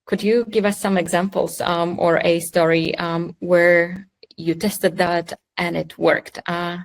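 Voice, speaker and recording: A woman's voice: on the low side, flat delivery, slow, poor audio. A woman hosting a podcast interview, asking questions thoughtfully and a bit hesitantly. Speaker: podcast host.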